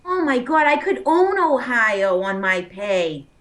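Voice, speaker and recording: A woman co-hosting a podcast who chats in an animated way and tells playful stories. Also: on the high side, slow pace. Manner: chatty and animated, playful storytelling. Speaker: podcast co-host. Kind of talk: casual chat.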